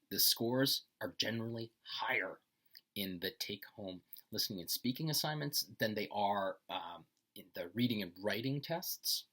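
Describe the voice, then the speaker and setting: A male college instructor giving recorded commentary on an assignment, speaking slowly and enunciating each phrase with care. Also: lowish voice, pushed and bright. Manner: slow, deliberate, enunciating phrases.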